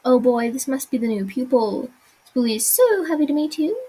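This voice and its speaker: A woman voicing a cheerful little sewing creature with a squeaky voice, bubbly and talking about itself in the third person while reading game dialogue aloud. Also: sing-song, normal speed, dark tone, husky, heavily acted, low-quality recording. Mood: eager.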